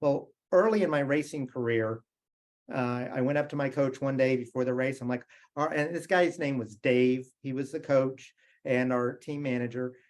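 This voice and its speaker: A man's voice: medium pitch, moderate pace, a little mellow. A middle-aged man from the United States giving a motivational keynote, telling stories in a conversational way and asking the audience questions. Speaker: keynote speaker.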